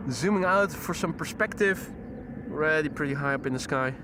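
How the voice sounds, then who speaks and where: A man's voice: a little high, heavy background noise. A man hosting a live plane-spotting stream outdoors, chatting casually with viewers and using frequent fillers. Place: outdoors near airport runway.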